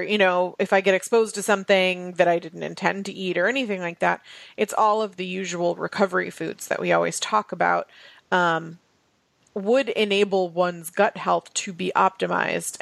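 A woman's voice: lowish voice, gravelly, no room sound. A woman co-hosting a health podcast, chatty and loose, full of "you know". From Massachusetts. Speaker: podcast co-host. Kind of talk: casual health podcast chat.

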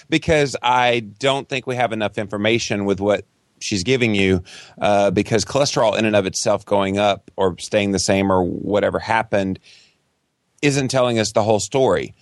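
A man's voice: on the low side, moderate pace, no room sound, studio quality. A man speaking as a guest on a casual podcast, explaining health numbers eagerly. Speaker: podcast guest, nutrition expert.

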